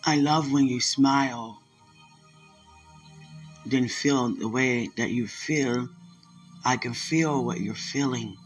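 A man hosting a podcast, speaking an emotional spiritual monologue in a halting way, often repeating himself and sighing. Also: medium pitch, faint music behind. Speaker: podcast host.

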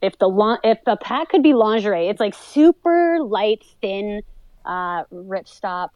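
A woman's voice: mid-range voice, expressive, unhurried, no echo, muffled recording. A young adult woman chatting casually as a snowboarding guest. She laughs a lot and drops swear words without a second thought. Her voice is dry and close, with no room around it. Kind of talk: casual podcast chat.

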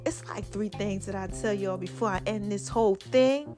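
A woman vlogger giving a casual inspirational talk to her viewers, animated and preachy, calling them baby and y'all. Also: medium pitch, normal speed, soft background music.

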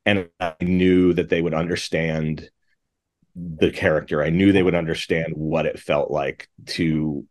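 A man's voice: a bass voice, flat delivery, a little slow, darkish tone. A middle-aged man, a composer and director, talking casually and enthusiastically in an interview, rambling with many restarts and false starts.

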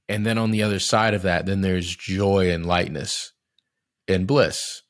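Deep-voiced man, reflective and candid. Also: fairly even intonation, measured pace, no room sound, studio quality. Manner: reflective, candid, loose and searching with frequent restarts; swears casually. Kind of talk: casual podcast conversation.

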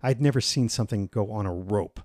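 A man in a casual chat, telling a sports story in a relaxed, rambling way. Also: on the low side, a little fast, dry recording, studio quality.

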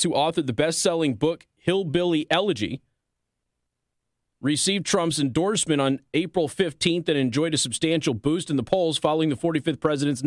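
A man with a slightly higher voice runs a political commentary show. He reads news passages aloud, then cuts in with biting, combative remarks. The recording is dry and close, with no room sound. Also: dry recording. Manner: sarcastic, combative asides between read passages.

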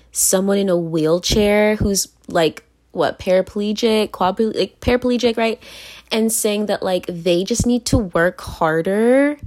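A woman's voice: fairly low pitch, darkish tone. Woman from virginia ranting to camera, blunt and sweary, repeats herself for emphasis, laughs in between. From Virginia, United States. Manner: emphatic, often repeats phrases. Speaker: vlogger. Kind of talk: casual blunt monologue.

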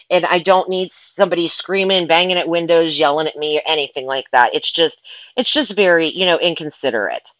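A woman's voice: lowish voice, a bit bright, dry recording, dull audio. A woman who works as a pet sitter and dog walker, ranting in a casual vlog in an exasperated, rambling way with many restarts.

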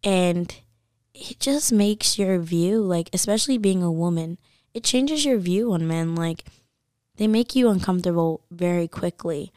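Young woman rambling thru a story, lots of "like", lowish voice, dry close mic. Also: measured pace, no room sound. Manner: animated storytelling, acts out voices, says "like" constantly. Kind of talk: casual chat.

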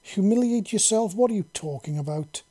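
A man's voice: a little high, animated, normal speed, warm tone. A man putting on a fierce reptilian alien commander. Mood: indignant. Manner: commanding, accusing, snarling.

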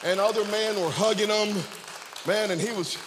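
A high-pitched man preaches fervently, stopping to throw amen and okay at his listeners. His voice trails off into the long echo of a big church hall. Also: steady tone, moderate pace, crowd noise, noisy background. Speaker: pastor. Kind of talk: sermon with storytelling. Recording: long reverb of a large hall.

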